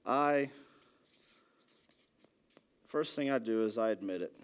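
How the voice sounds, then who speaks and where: A pastor giving a conversational sermon, a father who keeps asking "ready?" and moves between loud emphasis and quiet, soft asides. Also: lowish voice, takes it slowly, clear, resonant tone. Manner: conversational preaching with frequent "ready?" check-ins.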